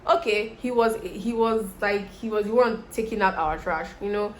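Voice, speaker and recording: With medium pitch and normal pace, a young Nigerian woman with a Nigerian accent vlogs as she applies make-up, chatting animatedly with viewers and telling them a story. Slight background noise can be heard.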